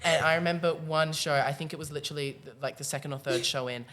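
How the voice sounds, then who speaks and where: A man's voice: a little high, fairly even intonation, fast, a bit bright, slight background noise. A teenage boy with an Australian accent, a school musical cast member telling rambling stories with frequent laughs in a casual podcast chat. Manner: rambling storyteller, laughs often.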